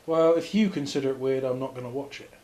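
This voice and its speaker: A man chatting while playing a strategy game, dry and pedantic, quietly correcting his co-host. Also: medium pitch, quick pace. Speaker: co-host of a gaming chat show.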